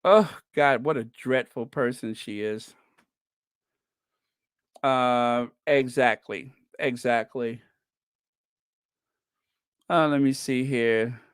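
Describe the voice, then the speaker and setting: A livestream host talking slowly and casually into a desk mic while reading the chat aloud. The host laughs often and draws out long strings of no's. The sound is dry and close, with no room echo. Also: medium pitch, fairly even intonation, clean tone. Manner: chatty, laughs often, drawn-out repeated no's.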